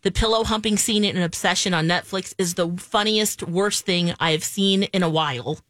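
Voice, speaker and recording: A woman's voice: lowish voice, normal speed, fairly bright tone, no echo. A woman co-hosting a radio show, reading social media posts and teasing. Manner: reads listener posts aloud, teasing. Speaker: radio co-host. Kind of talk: casual radio banter, reading tweets.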